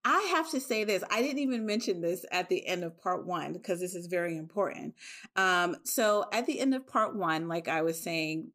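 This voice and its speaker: Animated woman hosting a podcast chat. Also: on the low side, normal speed. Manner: animated, emotional retelling. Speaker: podcast host. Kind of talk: casual chat.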